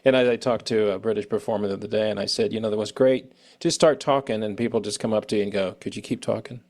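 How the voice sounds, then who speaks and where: A man's voice: on the low side, fairly even intonation, fast talker, darkish tone. An American man hosting an interview, rambling casually and acting out quoted people. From United States. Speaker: show host.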